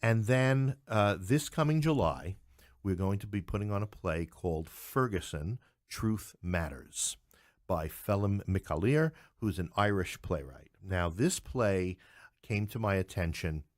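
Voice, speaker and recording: A man's voice: on the low side, lively intonation, measured pace, no room sound, clean studio sound. An American man, a playwright, telling stories in a casual interview and acting out the people he quotes. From New York. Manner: chatty storyteller who acts out quoted voices. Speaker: playwright and theater producer.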